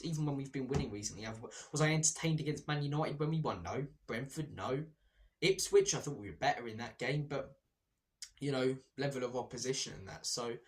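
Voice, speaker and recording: Male host, young adult, mid-pitched voice, sarcastic and fed up, fan debrief monologue. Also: fairly bright tone. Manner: frustrated, sarcastic ranting. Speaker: football fan channel host.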